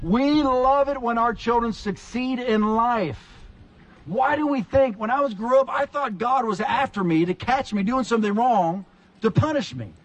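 A man's voice: normal speed, rough recording. A man preaching a sermon, telling a childhood story and acting out the scenes with sudden jumps in his voice. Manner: animated storyteller, acts out scenes with big pitch jumps. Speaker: pastor.

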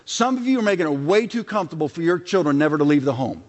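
A man's voice: a little high, expressive, quick pace. A middle-aged man preaching a sermon as a pastor, talking conversationally and acting out quotes from his family life. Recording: long reverb of a large hall.

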